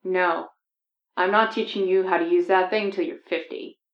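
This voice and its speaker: A woman reading a fan story voices a weary, gruff male bounty hunter in a low, subdued way. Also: steady tone, moderate pace, natural voice. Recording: echoey, dull lo-fi sound.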